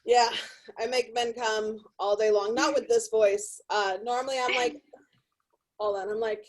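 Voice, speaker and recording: A woman's voice: a little high, fairly even intonation, a little slow, rough recording. A middle-aged woman from California doing crude, profane stand-up comedy from a hotel room. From Sacramento, California.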